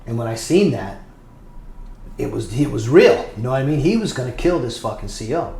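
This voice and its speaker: A man's voice: mid-range voice, sing-song, a little fast, gravelly, mellow. A man telling a story about his time in prison, in a blunt, profane, conversational way, as a podcast guest. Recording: echoey room with faint noise.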